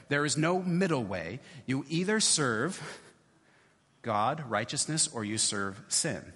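A man's voice: on the high side, a bit bright, breathy edge, in a large hall. A male pastor giving a conversational sermon in church, often checking in with his listeners. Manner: conversational, repeats "right?" often.

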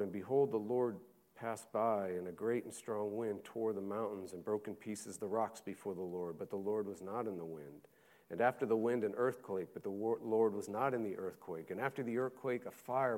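Man preaching a dramatic sermon. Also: on the low side. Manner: swings from loud urgent preaching to hushed slow reading. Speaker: pastor.

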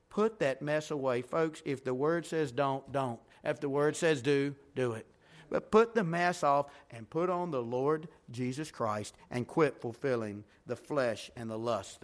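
In a church sanctuary, a pastor preaches a revival sermon with emphasis, his intensity swelling and dropping. His voice has a medium pitch.

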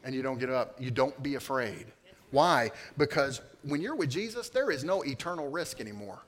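A middle-aged man preaching a sermon in a conversational way, dropping to quiet asides and rising to loud peaks. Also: mid-range voice, lively intonation, normal speed. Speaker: pastor. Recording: long hall reverb.

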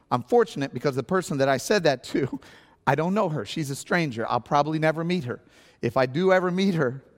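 A man preaching as a pastor, telling a story with acted-out outbursts and a conversational sermon delivery. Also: fairly high pitch. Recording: long hall reverb.

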